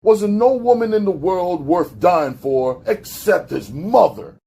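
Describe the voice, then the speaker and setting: Male audiobook narrator, unhurried, mellow husky tone, gritty street slang. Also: animated. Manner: slow, low-key storytelling with gritty street slang.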